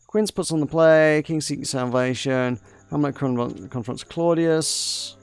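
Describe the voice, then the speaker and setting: A man's voice: fairly high pitch, unhurried, clear, resonant tone, no room sound. A man casually commenting while playing a story game, wry and a little rambling. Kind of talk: casual let's play chat.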